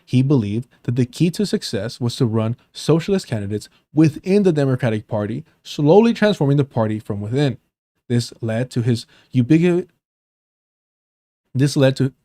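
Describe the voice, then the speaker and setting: Profane, joking streamer with a mellow voice. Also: male voice, mid-range voice, dry recording, clean studio sound. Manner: profane, joking asides between reading. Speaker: livestream host. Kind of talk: casual livestream commentary, reading an article aloud.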